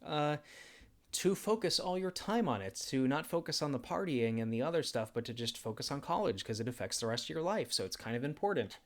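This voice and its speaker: A man's voice: mid-range voice, animated, fairly quick. A man in his twenties chats through a casual livestream Q&A in a mid-range voice. He rambles and corrects himself, drops fillers everywhere and laughs at his own jokes. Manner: rambling and self-deprecating, with frequent laughs and fillers. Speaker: channel host.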